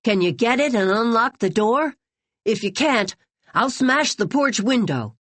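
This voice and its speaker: A woman's voice: fairly high pitch, animated, a little slow, fairly bright tone, no echo, pitched above the performer's own voice. Woman voicing a firm, earnest young boy. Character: brave young boy, protective.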